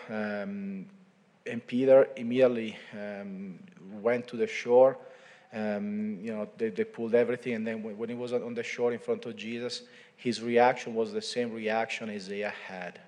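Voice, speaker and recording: A priest giving a homily, retelling scripture in an informal, storytelling way. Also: male voice, fairly low pitch, flat delivery, moderate pace, darkish tone. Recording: long reverb of a large church.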